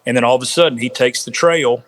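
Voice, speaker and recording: A man who is a podcast guest, telling a hunting story in a casual, animated way and often repeating words. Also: mid-range voice, fast. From South Carolina. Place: home, on a remote call.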